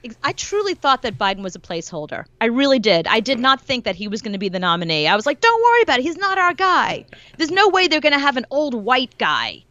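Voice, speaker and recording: A woman's voice: fairly high pitch, quick pace, few pauses, dry recording, muffled recording. A woman as a guest commentator in a casual interview, talking animatedly and acting out quotes as she goes. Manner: animated, acts out quotes in her own telling. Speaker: guest commentator, celebrity journalist.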